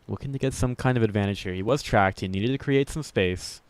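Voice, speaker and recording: A man's voice: on the low side, brisk, dry recording. A man giving upbeat, jokey play-by-play commentary on a video game match, chuckling often and poking fun at himself. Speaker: esports commentator.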